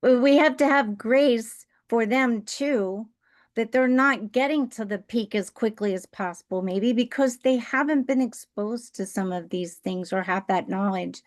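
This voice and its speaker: A woman's voice: a little high, a little slow. Earnest woman reflecting on a team call. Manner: earnest, thoughtful, uses many fillers and "right?". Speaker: team member on a training call. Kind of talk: sharing a personal reflection on a group call.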